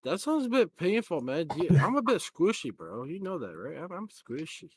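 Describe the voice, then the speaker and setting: A man's voice: a little high, sing-song, moderate pace, breathy edge. A man playing in a tabletop game, joking and stammering as he chats. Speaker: player. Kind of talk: casual tabletop game chat.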